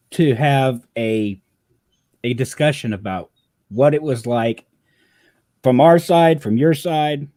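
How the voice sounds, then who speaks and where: A man's voice: mid-range voice, no room sound, studio quality. A man co-hosting a casual livestream chat, telling stories and acting out quotes. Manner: animated storyteller, acts out quotes. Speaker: co-host and script writer.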